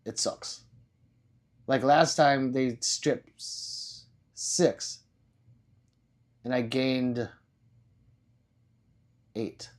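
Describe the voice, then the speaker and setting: A man's voice: mid-range voice, a little mellow. A man hosting a casual livestream, rambling loosely and swearing now and then. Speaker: livestream host.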